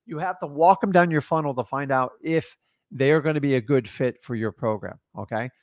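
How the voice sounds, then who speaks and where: A man's voice: medium pitch, a little fast, dry recording, clean studio sound. A man coaching beginners in real estate wholesaling in a casual live talk, emphatic and often checking in with "okay?". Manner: acts out sellers' and his own lines in quotes.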